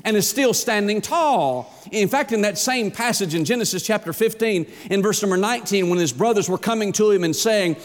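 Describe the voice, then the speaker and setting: A man's voice: sits high, lively intonation, fairly quick, few pauses. A man preaching a sermon as a pastor, with an emphatic delivery that rises and falls. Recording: long hall reverb.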